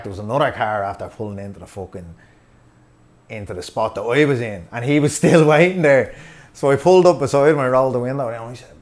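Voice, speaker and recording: A man hosting a podcast, telling a story in a casual, animated way with plenty of swearing. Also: medium pitch. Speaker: podcast host.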